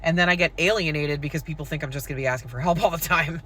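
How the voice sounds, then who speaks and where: A woman's voice: deep voice, rapid-fire, fairly bright tone, a little hiss or hum. A woman with school-age children telling a personal story to camera, frank and conversational, full of "like" and "um". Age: adult with school-age children. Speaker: poet and content creator.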